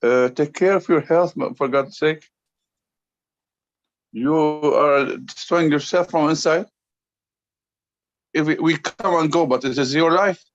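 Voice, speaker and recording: A man who teaches, speaking on an online call to calm an upset host, halting and earnest with many "uh"s and restarts. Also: fairly high pitch. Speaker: group member and teacher. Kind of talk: hesitant, conciliatory remarks on a call. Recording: dull lo-fi call audio.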